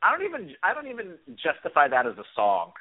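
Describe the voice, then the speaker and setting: A man co-hosting a podcast, joining in with lively, giggly banter. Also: sits high, quick pace, a little hiss or hum. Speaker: podcast co-host. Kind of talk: casual gossipy chat. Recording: tinny phone-like line.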